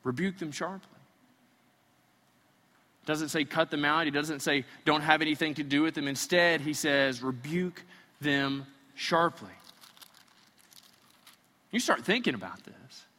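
A man's voice: fairly high pitch, moderate pace, pushed and bright, in a large hall. A man preaching a sermon in a conversational way, sometimes acting out imagined voices. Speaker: pastor.

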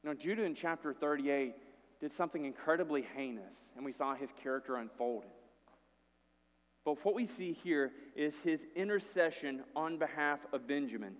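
A man's voice: on the high side, big-room sound. A man preaching a sermon, retelling a story with acted-out quotes and casual asides.

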